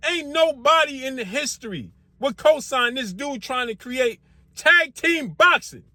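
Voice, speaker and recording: A man's voice: extremely high pitch, pushed and bright, dry recording, clean studio sound. A man hosting a sports channel, firing off rhetorical questions in a heated, slangy boxing commentary rant. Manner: slangy casual speech.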